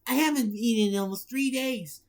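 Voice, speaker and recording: A storyteller voicing a cheerful, excitable young male sponge in a high cartoon voice. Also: brisk, natural voice. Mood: excited.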